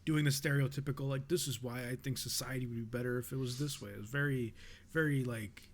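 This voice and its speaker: Rambling podcast man, middle pitch. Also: steady tone, fast. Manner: rambling, full of fillers and trailing off. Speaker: podcast co-host. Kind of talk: casual podcast chat.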